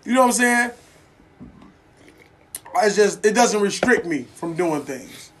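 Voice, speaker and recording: A man's voice: high voice, animated, unhurried, a bit bright. A man co-hosting a casual chat, telling stories animatedly with crude slang and frequent laughter.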